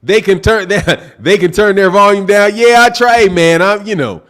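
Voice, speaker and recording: Reading super chats aloud and sipping drinks, a man hosts a boxing live stream from home at full, excitable volume. His high voice carries at a moderate pace, and he keeps things casual, saying "bro" almost constantly.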